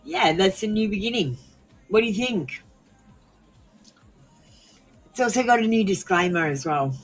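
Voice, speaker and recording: A woman's voice: medium pitch, animated, unhurried, soft background music. An Australian woman hosting a live stream, chatting casually and rambling with frequent ums and laughs.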